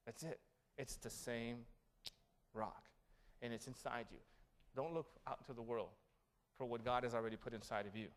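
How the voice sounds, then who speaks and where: A graduation guest speaker addresses a city hall event with a motivational talk full of lively stories and questions for the crowd. He speaks in a medium pitch at a moderate pace.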